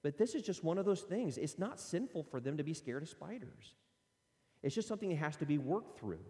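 A middle-aged man addresses parents in an earnest, conversational teaching talk, playing out parent and child quotes. His fairly high voice swings widely in pitch, moves briskly and sounds a little mellow. Long reverb colors the recording.

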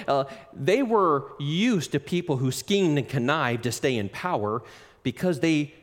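Brief: male preacher, lively pitch, emphatic sermon, reverberant hall. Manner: animated, emphatic, addresses listeners as friend.

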